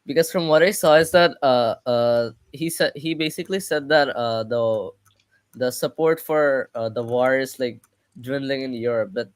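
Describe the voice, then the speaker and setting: A man's voice: medium pitch, normal speed, smooth, dry recording. A man on a discussion panel, rambling with lots of fillers. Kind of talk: casual discussion.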